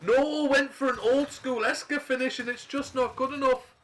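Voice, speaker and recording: A man casting a live video game match, switching between rambling casual chat and quick play-by-play calls. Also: extremely high pitch, fairly even intonation, fairly bright tone, a little hiss or hum. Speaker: esports caster.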